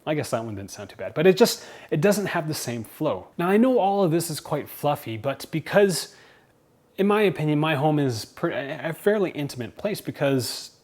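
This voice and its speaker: A man's voice: on the high side, normal speed. Chatty man reviewing smart home gear. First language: English. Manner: chatty, animated, self-deprecating humor. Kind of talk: casual tech review to camera.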